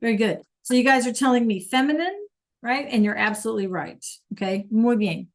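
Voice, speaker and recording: A woman's voice: a little high, lively intonation, brisk. A woman teaching a Spanish class online over a video call, patient and checking in with students often.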